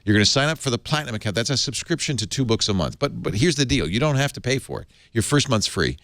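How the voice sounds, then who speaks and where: A man's voice: medium pitch, lively intonation, fast talker, fairly bright tone, dry recording, studio quality. A man hosting a tech talk show, reading an ad in an enthusiastic, chatty, rambling way. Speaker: podcast host.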